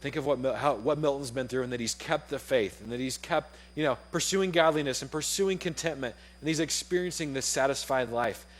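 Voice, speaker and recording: A young adult man preaching a sermon in a casual, animated way, acting out the voices in his story. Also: medium pitch, a little fast, few pauses.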